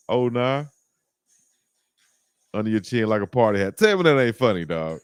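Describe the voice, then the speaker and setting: A man's voice: fairly low pitch, unhurried, clear, resonant tone, dry recording, studio quality. Laughing, slangy man hosting a live stream. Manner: animated, laughing, slangy banter. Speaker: live-stream show host. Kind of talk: casual live-stream chat.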